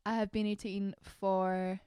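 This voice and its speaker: A woman's voice: medium pitch, level tone, a little slow, a little mellow, clear, resonant tone, dry recording, studio quality. A young Scottish woman co-hosting a casual book podcast, bubbly and gushing, laughing easily. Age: young adult. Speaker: podcast co-host. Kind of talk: casual chat.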